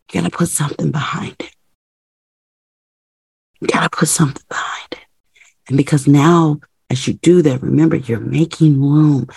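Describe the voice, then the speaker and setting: A woman's voice: sits low, creaky, warm tone, husky, dry recording. A woman hosting a motivational podcast, urging listeners with emphatic, repetitive phrases. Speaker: podcast host.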